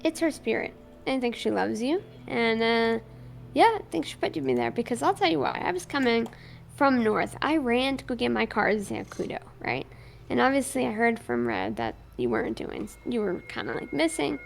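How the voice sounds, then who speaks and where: Gravelly woman roleplaying a cop. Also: on the high side, normal speed, soft background music. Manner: animated, recounts events acting out both sides of the dialogue. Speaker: streamer playing a police officer in a roleplay server. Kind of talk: in-character roleplay storytelling.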